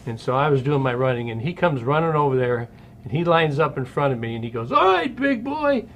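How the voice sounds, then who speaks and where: A man in his sixties, a former ballplayer hosting an interview, telling lively stories from his playing days. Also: mid-range voice, quick pace, slight background noise. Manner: animated storyteller who acts out quotes. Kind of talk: storytelling interview chat.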